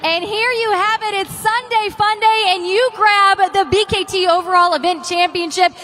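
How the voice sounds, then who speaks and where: A woman interviewing drivers at the track during a stadium event, asking quick, upbeat questions. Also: very high-pitched, steady tone, a bit bright.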